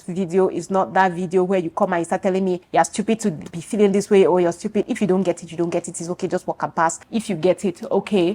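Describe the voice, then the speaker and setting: A woman's voice: on the low side, a little mellow. A woman in her thirties from Cameroon with a Cameroonian accent, speaking frankly and confidingly to her viewers in a personal vlog. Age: 30s. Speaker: vlogger.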